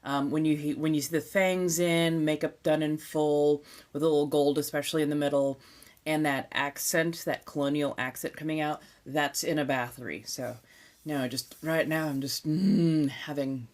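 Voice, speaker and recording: A woman with a Californian accent, chatting casually on a live stream, laid-back and swearing freely, now and then dropping into soft whispers. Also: sits low, fairly even intonation, normal speed. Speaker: ASMR streamer.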